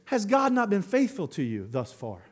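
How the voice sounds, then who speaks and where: A man preaching a sermon as pastor, animated, laughing and acting out quotes as he goes. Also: high-pitched, moderate pace.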